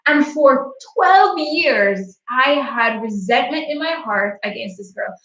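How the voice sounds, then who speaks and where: A woman in her late twenties hosts a livestream, telling a personal story in a candid, heartfelt and chatty way. Her voice sits high and a bit bright, slow with lively intonation. The recording sounds echoey, distant and muffled.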